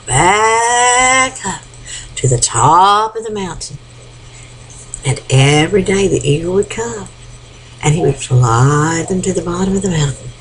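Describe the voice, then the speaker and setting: An older woman telling a folk tale to her grandchildren, animated and often sinking into a hushed whisper. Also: on the low side, slight background noise, poor audio. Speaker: grandmother storyteller.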